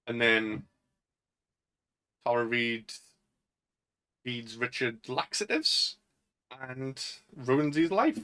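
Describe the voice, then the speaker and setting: Man, northern english accent, casual podcast chat, bright tense voice, middle pitch, keeps laughing. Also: animated, drawn-out words, pauses often, clear, resonant tone. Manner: laughs often, acts out film quotes in raised voices. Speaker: podcast co-host.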